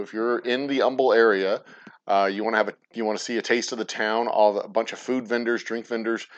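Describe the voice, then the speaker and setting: Male host, low voice, loose profane rambling chat, muffled livestream audio. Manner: rambling, profane, stumbles and restarts often. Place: room in his distillery. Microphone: plugged-in mic at the desk.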